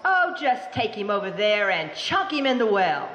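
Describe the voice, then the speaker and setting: A woman's voice: medium pitch, sing-song, normal speed, a bit bright, lo-fi sound, slight background noise. A woman voicing a greedy, bossy male sultan who brushes people off, recorded live in a hall. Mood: dismissive. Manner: dismissive, offhand. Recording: roomy hall with long echo.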